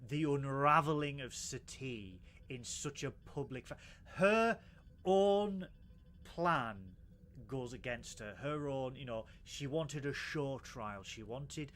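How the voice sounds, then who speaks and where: A man co-hosting a casual live podcast, excitable and jokey, stumbling over his words. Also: mid-range voice, takes it slowly. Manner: excitable, jokey, stammering restarts. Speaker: podcast co-host.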